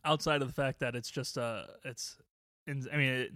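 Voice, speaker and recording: A man's voice: medium pitch, steady tone, normal speed, fairly bright tone, no echo, studio quality. A man co-hosting a casual movie podcast, rambling with many restarts and frequent chuckles. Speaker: podcast co-host.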